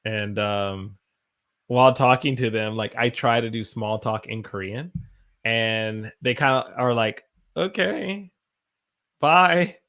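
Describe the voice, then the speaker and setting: A young American man, an English teacher, chatting on a live stream, animated and greeting his viewers by name. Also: fairly low pitch, measured pace. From United States. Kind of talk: casual live-stream chat.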